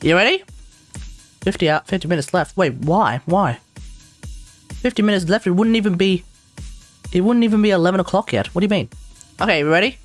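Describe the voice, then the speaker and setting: A woman live streamer in casual chat, ranting in an animated way and laughing often. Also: fairly low pitch, fairly quick, pauses often, faint music behind.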